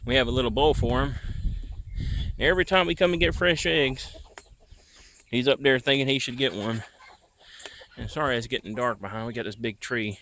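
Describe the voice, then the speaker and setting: A vlogger casually tours his rural property at night on foot, filming outdoors with a handheld camera and rambling in an easygoing way. He talks at a normal pace with long pauses, in a mid-range, slightly bright voice, and a little hiss or hum is audible.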